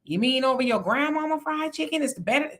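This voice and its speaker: A woman's voice: high voice, expressive, fast talker, a bit bright. A woman hosting a casual livestream, reading viewer comments aloud and reacting to them as she talks straight to her audience. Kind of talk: casual live chat.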